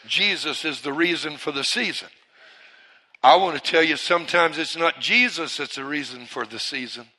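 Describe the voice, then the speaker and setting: High-voiced guy preaching in church, loud bursts then goes quiet, gets folks to say it with him. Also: slightly rough. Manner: dynamic, swings from loud bursts to hushed lines; leads the congregation in call-and-response. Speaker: pastor. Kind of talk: preaching a sermon. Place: church service.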